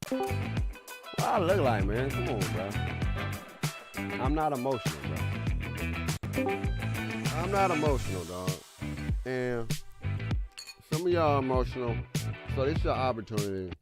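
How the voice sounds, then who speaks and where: A man's voice: mid-range voice, very animated, a little slow, long pauses, loud music behind the voice. A man hosting a gaming livestream, chatting casually in a laid-back, slangy way, repeating himself as he talks to his viewers. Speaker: streamer host.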